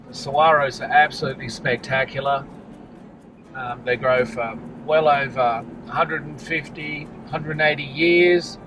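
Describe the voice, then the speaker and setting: A man's voice: mid-range voice, far from the mic, rough recording. Easygoing man narrating from a car. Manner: easygoing, enthusiastic. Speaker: travel vlogger. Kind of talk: casual travel commentary. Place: car, driving.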